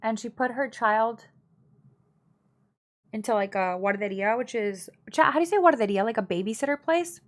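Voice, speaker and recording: A woman's voice: a little high, normal speed. A young woman live-streaming from home, chatting casually with her viewers and telling family gossip in a blunt way, full of fillers.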